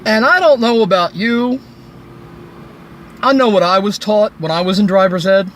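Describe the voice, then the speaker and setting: A man's voice: sits high, normal speed, a bit bright, a little hiss or hum. A man ranting angrily into his phone by a road, swearing heavily and sarcastically. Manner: furious, heavy swearing, sarcastic. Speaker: vlogger. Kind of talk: angry roadside rant. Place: recorded while by a road.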